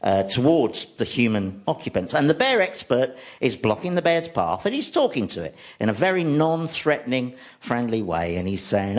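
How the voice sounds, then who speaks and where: A London man with a medium-pitched voice performs a stand-up comedy monologue on radio as the comedy host, telling comic stories in a wry, deadpan manner. He keeps a moderate pace with few pauses, and steady background noise runs under the recording.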